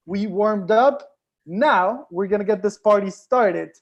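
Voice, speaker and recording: An upbeat emcee introducing acts at an online comedy show over a video call. The pace is unhurried, with steady audience coaxing between introductions. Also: mid-range voice, dull audio.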